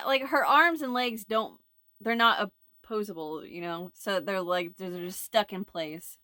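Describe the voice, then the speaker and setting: A woman's voice: mid-range voice, a little slow, pushed and bright, no echo, studio quality. A woman chatting casually to camera as a crochet vlogger, rambling and laughing easily. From United States. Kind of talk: casual chat.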